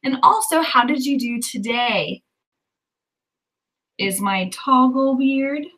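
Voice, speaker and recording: Bright-voiced upbeat woman livestream host. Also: high-pitched, slow pace, far from the mic, rough recording. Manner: upbeat, cheers viewers on and reads out their comments. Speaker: livestream host of writing sprints. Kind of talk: casual livestream chat.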